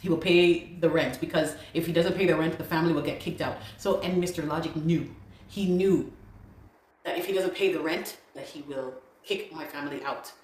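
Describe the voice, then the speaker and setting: A woman's voice: deep voice, steady tone, normal speed, a little mellow. A woman from Ghana giving an emotional personal account as an interview guest, exasperated and repeating herself as she vents. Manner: exasperated, repeats words while venting. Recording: roomy echo.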